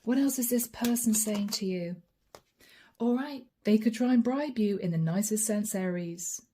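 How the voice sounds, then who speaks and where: Soft, mellow-voiced woman reading tarot. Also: medium pitch, unhurried. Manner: talks straight to the viewer, musing and reassuring. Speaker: tarot card reader. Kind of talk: channeled tarot reading to camera.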